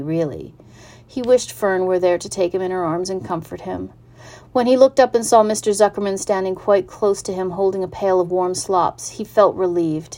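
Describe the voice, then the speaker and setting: Mellow-voiced woman reading a storybook. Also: medium pitch. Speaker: narrator.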